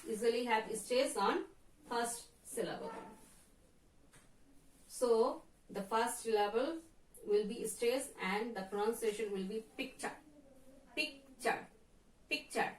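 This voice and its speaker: A woman teacher with a Bangladeshi accent works through a pronunciation lesson, saying each word two or three times. Her delivery is unhurried and her voice sits slightly high. She is heard from some distance in a room with a noticeable echo. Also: darkish tone, slight background noise. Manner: repeats words for pronunciation drill. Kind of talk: slow classroom lesson. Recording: echoey room from far off.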